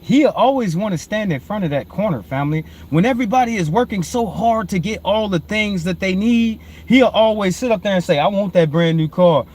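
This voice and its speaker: A man, hosting and preaching informally on proverbs, repeatedly calling listeners "family", swinging between low murmured reading and loud emphatic preaching. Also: expressive, brisk, hardly any pauses. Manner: repetitive, calls listeners "family". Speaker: host.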